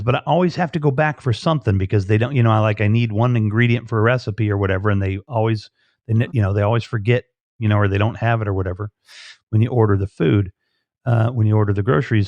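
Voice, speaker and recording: A man's voice: on the low side, quick pace, darkish tone, dry recording. A man hosting a live stream, chatting casually and rambling with lots of fillers and restarts. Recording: dull lo-fi stream audio.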